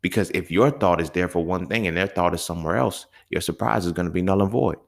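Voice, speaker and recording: A young man with a very deep, gravelly voice, telling a story in a casual, profane monologue. He keeps checking in with "you feel me?" and swings from low mutters to sudden high exclaims. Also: fast. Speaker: podcast host.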